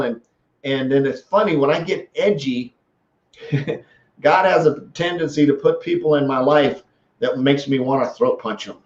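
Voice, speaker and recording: Animated man telling stories in an echoey room. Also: medium pitch, a little slow. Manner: animated storytelling with many restarts. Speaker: host. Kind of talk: casual live-stream talk. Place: small office room. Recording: echoey room, dull lo-fi sound.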